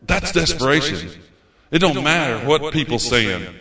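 A man's voice: mid-range voice, very animated, unhurried, noisy background. Folksy preacher man in an echoey church. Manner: folksy storytelling preacher, acts out his own past words. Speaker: pastor. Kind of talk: sermon. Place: church sanctuary.

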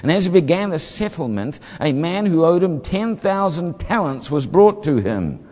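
A man's voice: fairly high pitch, big pitch swings, moderate pace, a little mellow. A man preaching a sermon, reading scripture and explaining it, briefly acting out voices from the story. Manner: expository, acts out the parable's voices. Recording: hall reverb.

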